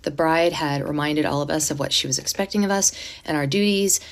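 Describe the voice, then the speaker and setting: A woman casually telling a storytime at home, animated and indignant, acting out what others said. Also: deep voice, fairly quick, creaky. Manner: animated, indignant retelling with acted-out quotes; speaking quietly to avoid disturbing a neighbor.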